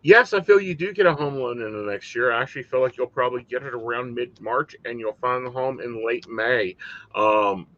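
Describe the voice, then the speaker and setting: Bright-voiced male psychic on a stream. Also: medium pitch, fairly quick, no room sound. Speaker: psychic reader, host. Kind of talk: live-stream chat and readings. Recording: dull lo-fi stream audio.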